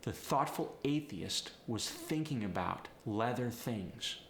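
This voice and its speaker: A man's voice: medium pitch, lively intonation, slow, gravelly, fairly bright tone. A man teaching actors an accent step by step, explaining each sound swap in an instructive way. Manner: instructive, breaks down sound swaps. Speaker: accent coach. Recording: echoey room with faint noise.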